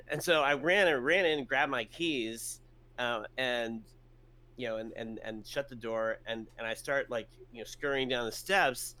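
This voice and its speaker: A man's voice: medium pitch, moderate pace, sharp tone. A man telling a story in casual chat, rambling with many fillers and restarts and casual swearing.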